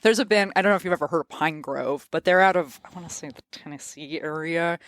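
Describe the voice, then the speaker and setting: A man hosting an interview in casual chat, curious and quick to laugh. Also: a little high, a bit bright, dry recording, studio quality. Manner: chatty, laughs often, curious. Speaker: podcast host.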